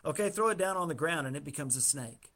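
A patient, insistent God who reassures and then puts his foot down, as a Bible teacher voices him in a retold story, in a slightly high man's voice. Plain and conversational rather than grand. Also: expressive, fast, fairly bright tone. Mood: firm.

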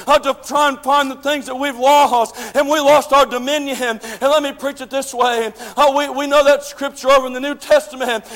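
A man preaching a sermon, telling folksy stories and building to shouted preaching. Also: very high-pitched, in a large hall. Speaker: pastor. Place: church sanctuary.

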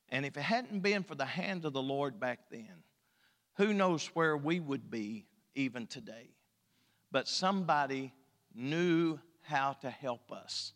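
A man preaching a sermon as pastor, telling folksy stories in a hushed voice, then rising into loud exhortation. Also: medium pitch, in a large hall. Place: church sanctuary.

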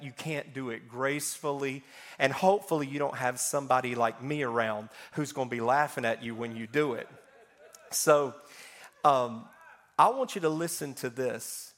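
A man preaching a sermon, telling funny personal stories with animated swings between loud and soft. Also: fairly high pitch. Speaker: pastor.

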